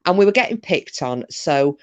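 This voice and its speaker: A woman's voice: sits low, expressive, normal speed, no room sound, lo-fi sound. Rambling Northern English woman chatting. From Scotland. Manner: rambling storyteller, swears casually. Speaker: host. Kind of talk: casual chat.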